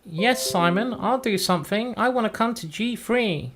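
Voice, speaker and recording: A man doing a high-pitched chess knight. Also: normal speed, a bit bright. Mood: eager. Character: high-voiced male chess knight, tricky.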